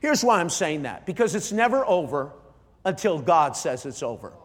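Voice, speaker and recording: A middle-aged man, a pastor, preaching an emotional sermon, often halting and repeating his starts. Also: a little high, very animated, big-room sound. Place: large church hall.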